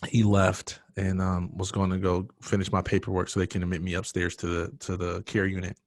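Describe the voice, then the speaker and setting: A man with a very low voice tells his own story as a podcast guest, earnest and emotional. The sound is dry and close, with no room around it. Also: completely flat delivery, fairly quick, no echo. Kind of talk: personal storytelling in a podcast interview.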